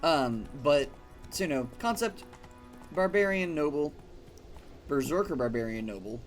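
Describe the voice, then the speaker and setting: Rambling gaming streamer. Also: male voice, a little high, animated, unhurried, soft background music. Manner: rambling, filler-heavy storytelling with swearing. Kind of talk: casual let's-play commentary.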